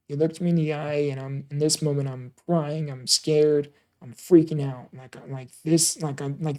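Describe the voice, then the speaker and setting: A man telling a personal story in an earnest, emotional way, often halting, repeating and restarting words. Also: fairly high pitch, steady tone, warm tone. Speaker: podcaster telling his own story.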